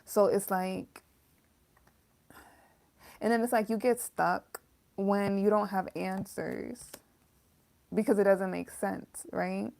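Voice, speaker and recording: A woman's voice: mid-range voice, steady tone, slow pace, vocal fry, long pauses, a little mellow. A woman giving a casual, emotional tarot reading, talking straight to her viewers with some swearing. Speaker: tarot reader.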